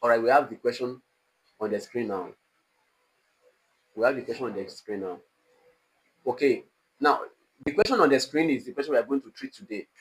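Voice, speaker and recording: A man lecturing an online exam-prep class, slow and deliberate, repeating example phrases with exaggerated rises and falls in pitch. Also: lively intonation, low-quality recording. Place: online class studio with a technician.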